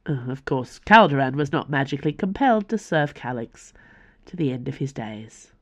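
A woman, the author, reading her own fantasy novel aloud for a podcast in a measured storytelling voice. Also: a bass voice, lively intonation, no room sound, lo-fi sound. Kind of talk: audiobook fantasy narration.

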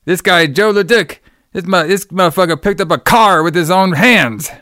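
A man doing an impression of a brash, boastful male wrestling heel manager who rants loudly and calls everyone "brother". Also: high-pitched, moderate pace, dry recording, clean studio sound, pitched above the performer's own voice. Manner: loud, ranting, says "brother".

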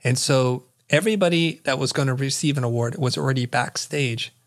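Middle-aged man, interview guest, animated storyteller, acts out dialogue, medium pitch. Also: a little fast. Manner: vivid storyteller who acts out quoted dialogue.

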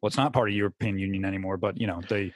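Low-voiced man hosting a podcast. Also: steady tone, no room sound. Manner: asks questions, halting restarts. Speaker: podcast host. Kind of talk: casual chat.

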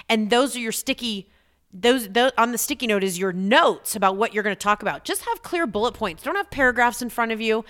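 A middle-aged woman hosting a podcast as a business coach, talking in an energetic, chatty way and repeating points for emphasis. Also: on the high side. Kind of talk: motivational podcast talk.

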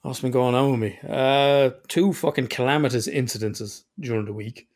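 A man's voice: medium pitch, normal speed, a little mellow. An Irish man telling rambling stories in casual podcast chat and swearing freely. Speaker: podcast co-host.

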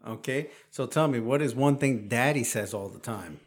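A man's voice: mid-range voice, moderate pace, husky. A man in his forties hosting a casual podcast, quizzing his young son playfully and teasing with frequent laughs. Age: 40s. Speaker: podcast host and father.

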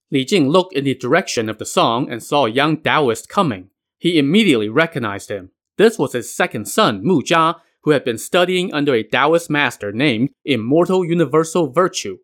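A man's voice: mid-range voice, animated, normal speed, a bit bright. A man narrating a myth retelling in a casual way, with wry modern asides. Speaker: podcast narrator.

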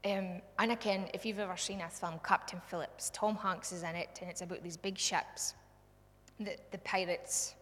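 A woman with a Scottish accent preaching a sermon, fervent, swinging from hushed to loud. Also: on the low side, steady tone, normal speed. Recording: long hall reverb.

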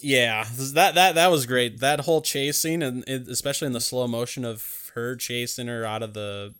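A man casually recapping a film in a rambling, profane, animated way. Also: medium pitch, moderate pace, smooth.

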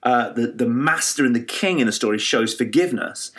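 A man preaching a sermon, retelling a parable with lively storytelling, frequent fillers and restarts. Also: medium pitch, a little fast. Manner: animated storytelling with many fillers and restarts, acting out quoted voices.

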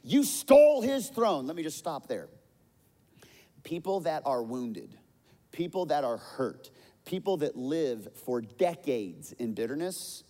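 A man preaching a sermon, telling a story with lively delivery and loudly acting out the quoted lines. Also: medium pitch, long reverb tail. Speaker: pastor.

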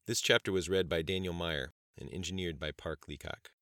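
A man narrating an audiobook chapter in a steady, measured reading style. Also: sits low, dry recording, clean studio sound. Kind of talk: scripted narration.

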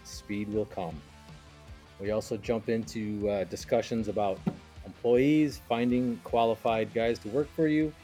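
A man hosting a podcast with a mellow, darkish voice. He reads the episode intro in an upbeat, announcer-like way. Faint music plays softly behind him. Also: lowish voice, steady tone, unhurried. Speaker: podcast host. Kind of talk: podcast intro and casual chat.

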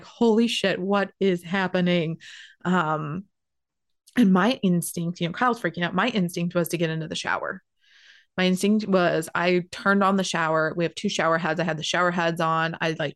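Animated woman telling a story. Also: lowish voice. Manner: animated, swearing, quotes others in raised voices, laughs often. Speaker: storyteller recounting her birth story. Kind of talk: casual storytelling.

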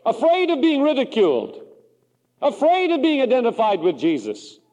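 A man preaches a sermon in a high voice that rises and falls with dramatic, lively swings. The recording carries the long, ringing reverb of a church hall. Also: moderate pace. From Pacific Northwest.

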